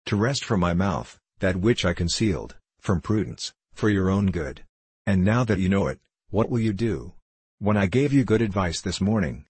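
A man's voice: low-pitched, darkish tone, husky, no room sound. A man voicing a fearful, peevish older village priest who stammers. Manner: stammering, anxious.

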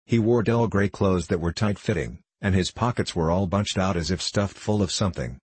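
Deep, husky male storybook narrator. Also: dry recording. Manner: steady, measured reading.

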